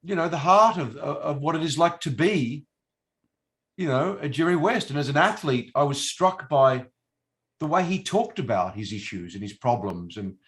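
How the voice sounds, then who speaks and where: This interview guest is a middle-aged actor from Australia whose voice sits fairly high and sounds a little bright and expressive. He talks at normal speed in a loose, hesitant way, often restarting and filling pauses.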